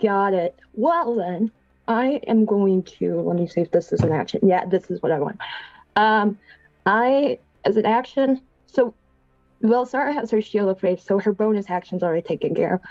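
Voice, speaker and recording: A woman playing a tabletop game, hesitant and full of ums as she works out her moves, with chatty asides. Her voice is mellow. It comes through a dry, slightly dull mic with faint music underneath. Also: mid-range voice, lively intonation, normal speed, dry recording. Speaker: player. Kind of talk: casual tabletop game play.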